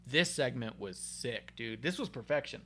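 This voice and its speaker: Excitable casual podcast man, faint hum. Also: medium pitch, moderate pace. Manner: excitable, swears, acts out quotes. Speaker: podcast co-host. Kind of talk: casual wrestling chat.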